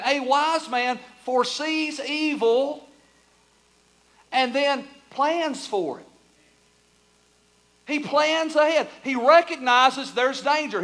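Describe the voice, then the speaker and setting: High-voiced pastor telling stories. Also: male voice. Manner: lively, humorous storytelling that drops to a quiet earnest teaching tone. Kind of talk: storytelling sermon.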